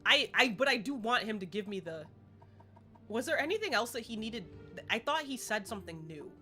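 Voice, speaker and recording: A woman's voice: a little high, lively intonation, moderate pace, bright, forceful tone, soft background music. A woman chatting casually while streaming a game, rambling and laughing often. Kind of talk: casual live-stream gaming chat.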